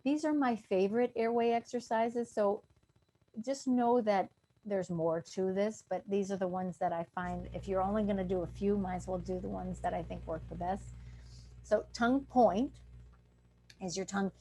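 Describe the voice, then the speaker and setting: A woman's voice: medium pitch, steady tone, normal speed, mellow. Woman teaching an online breathing class. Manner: explanatory, demonstrates throat sounds. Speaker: dentist teaching a breathing clinic. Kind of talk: online lecture.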